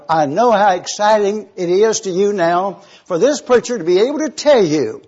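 A man preaching a sermon, slow and emphatic, stopping to spell out words for his listeners. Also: sits high, darkish tone, slightly rough. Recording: dull lo-fi recording.

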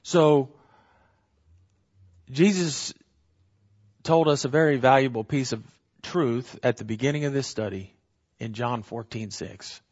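A man leads a verse-by-verse Bible study in an earnest, emphatic way. He stresses and repeats key phrases and corrects himself as he goes. His voice sits at a middle pitch, and the recording sounds slightly dull. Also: unhurried, pauses often, a little mellow. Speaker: Bible teacher.

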